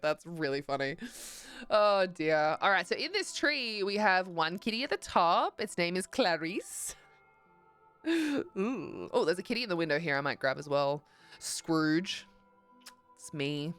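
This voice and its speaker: A woman's voice: lowish voice, fairly bright tone, clean tone. A young woman livestreaming, chatting casually and rambling with lots of fillers while she plays, sleepy and yawning. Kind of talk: casual chat while gaming.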